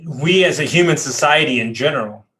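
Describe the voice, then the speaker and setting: A man's voice: on the high side, expressive, brisk, bright, forceful tone. A man hosting a podcast in casual chat, loose and full of fillers. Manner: loose, filler-heavy, frequent "like". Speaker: podcast host.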